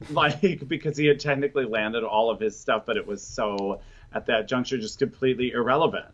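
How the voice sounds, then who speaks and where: A man co-hosting a casual podcast chat, wry and quick to laugh. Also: mid-range voice, muffled recording. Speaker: co-host.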